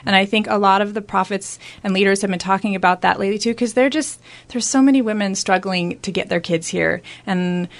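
A woman's voice: mid-range voice, a little fast. A woman who is a guest on a radio talk discussion, speaking sincerely and encouragingly.

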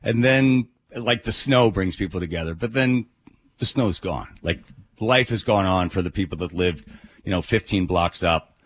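A man on a phone call, telling a story in a casual radio chat, expressive and animated. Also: low voice, normal speed, husky, dry recording. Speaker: radio host calling in. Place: bar, on the phone.

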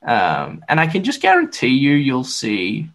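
A man's voice: medium pitch, measured pace. A man hosting a sports podcast, talking casually with lots of fillers and restarts. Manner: lively, filler-heavy, chatty. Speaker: podcast host.

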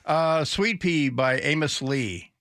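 A man's voice: fairly high pitch, slow, a bit bright, no room sound. A man hosting a talk radio show in a studio, rambling off the cuff with sardonic asides. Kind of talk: casual talk radio monologue.

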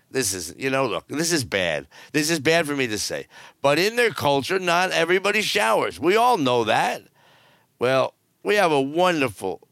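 A man's voice: fairly high pitch, gravelly, a bit bright, dry recording, studio quality. Blunt, rambling older male news host. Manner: blunt, rambling and jokey, with many fillers. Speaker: cruise news show host. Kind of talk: casual news commentary.

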